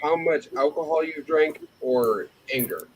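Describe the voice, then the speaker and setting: A man's voice: fairly high pitch, animated, measured pace, a little hiss or hum, rough recording. A man in a casual chat who thinks aloud and hesitates mid-sentence.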